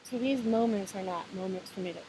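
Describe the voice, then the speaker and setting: Woman musing casually over steady hiss. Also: medium pitch, a little fast, low-quality recording. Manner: relaxed, meandering, encouraging, many fillers and restarts. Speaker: vlogger sharing spiritual advice. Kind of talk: casual reflective monologue. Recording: hissy home recording.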